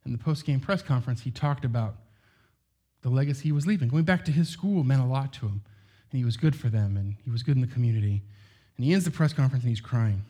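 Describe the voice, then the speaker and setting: A man's voice: mid-range voice, expressive, fast talker, mellow, slightly rough. Chatty man preaching a sermon. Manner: conversational, heavy use of "like" and rhetorical questions.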